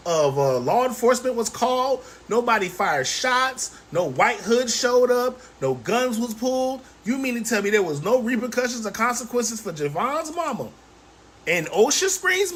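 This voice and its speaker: Animated woman true-crime commentator. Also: mid-range voice, slight background noise. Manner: animated, rhetorical questioning, sarcastic.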